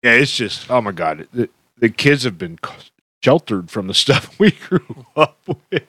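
A man's voice: mid-range voice, big pitch swings, unhurried, fairly bright tone, husky, dry recording. A middle-aged man hosting a casual beer podcast, joking, laughing often and swearing freely. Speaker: podcast host. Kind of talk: casual chat.

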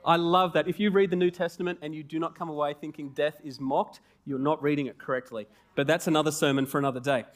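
Lively, joking male preacher. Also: a little high, quick pace, few pauses. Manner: animated, jokey and conversational. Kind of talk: sermon.

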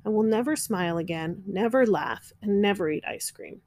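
A woman's voice: mid-range voice, moderate pace, a little mellow, lightly acted. A woman voicing a gloomy, stubborn eight-year-old boy in a storybook reading, sulky and complaining.

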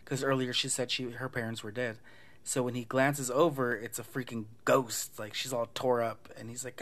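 Male podcast host, casual, profane, storytelling, middle pitch. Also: steady tone, brisk, a bit bright. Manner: loose, profane storytelling, acting out the lines. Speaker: podcast host recapping a film. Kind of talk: casual movie recap.

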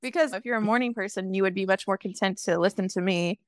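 A woman's voice: medium pitch, fast talker, no room sound, studio quality. A woman co-hosting a casual podcast chat over a call, bubbly and laughing often. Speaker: podcast co-host. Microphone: remote call mic.

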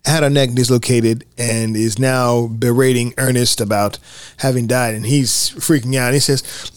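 A man co-hosting a casual film podcast, reading favorite movie quotes aloud in a relaxed way. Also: medium pitch, moderate pace, clear, resonant tone, no room sound. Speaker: podcast co-host. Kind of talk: casual film commentary chat.

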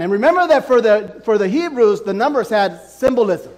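High-voiced preaching man, hall reverb. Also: expressive, normal speed, hardly any pauses. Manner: emphatic preaching with sweeping pitch and volume. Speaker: pastor. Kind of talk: sermon.

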